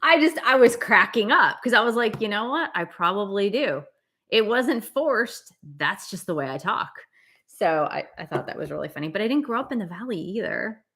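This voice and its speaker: A woman's voice: medium pitch, animated, normal speed, fairly bright tone. A middle-aged woman doing live-stream tarot readings, talking in a chatty, valley-girl cadence. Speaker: tarot reader.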